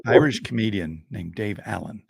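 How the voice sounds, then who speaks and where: A man who is a podcast co-host and storyteller, telling a joke in a lively, chuckling way. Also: lowish voice, moderate pace, vocal fry.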